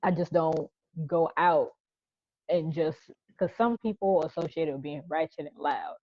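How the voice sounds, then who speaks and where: A woman's voice: low-pitched, moderate pace, no room sound. A young woman from Charleston, South Carolina, co-hosting a casual podcast chat and telling stories frankly, often quoting people. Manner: frank storytelling, quotes others in voices. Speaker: podcast co-host. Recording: dull, lo-fi podcast audio.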